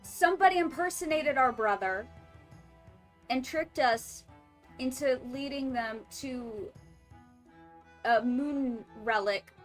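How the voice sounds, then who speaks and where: A woman streamer chatting casually while playing a game, animated and swearing, laughing often and reacting to her chat. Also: sits high, slow pace, pauses often, faint music behind.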